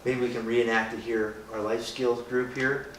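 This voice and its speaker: A man leading a group delivers an informal, jokey Bible talk in a flat, medium-pitched, fairly bright voice at normal speed. He talks conversationally, leans on rhetorical questions and the tag "right?" and acts out people's reactions. Heard from afar in an echoey room, the recording is roomy and has a faint hiss.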